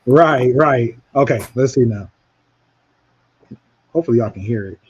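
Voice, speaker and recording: A man's voice: medium pitch, normal speed, slightly rough, lo-fi sound. A man hosting a talk radio show in casual chat, rambling with many restarts.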